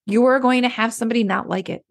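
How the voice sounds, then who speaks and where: A woman coach talks in a relaxed, conversational way, as if chatting with a friend. Her voice carries a noticeable gravelly fry. She keeps slipping into little acted-out inner voices to make her point. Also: on the high side, fast. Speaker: clarity coach. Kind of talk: casual motivational talk.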